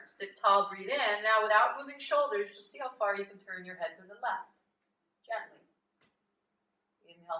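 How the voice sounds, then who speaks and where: Chatty woman yoga teacher, echoey studio. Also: mid-range voice. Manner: gentle, chatty instructions with frequent laughs. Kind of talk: guiding a chair yoga class. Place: yoga studio with a live class. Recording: echoey room, voice from a distance.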